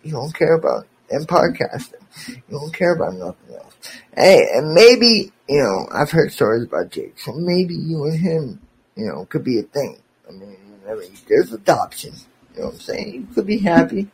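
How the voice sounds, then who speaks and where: A man's voice: on the high side, sing-song, normal speed, gravelly, a little mellow, slight background noise, low-quality recording. A man hosting a podcast, delivering an angry, profane, sarcastic rant aimed at a former friend.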